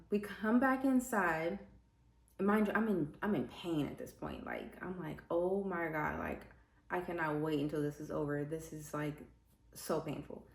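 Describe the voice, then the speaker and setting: A young woman vlogger telling her birth story in casual chat, full of fillers and acted-out quotes. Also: lowish voice. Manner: chatty, many "like" fillers, acts out quotes. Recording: echoey room with faint ambience.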